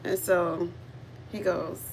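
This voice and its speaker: A woman's voice: on the low side, slow pace, vocal fry, slight background noise. A woman livestreaming from her car, telling a story in a casual, chatty way, laughing often and speaking straight to her viewers. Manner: laughs often, giggly and animated; chatty, addresses viewers directly. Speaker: livestream host.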